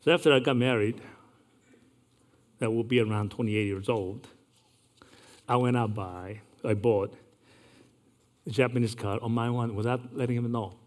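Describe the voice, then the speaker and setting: A man, earnestly recounting a personal story in a measured way, with occasional restarts. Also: medium pitch, fairly even intonation, a little mellow.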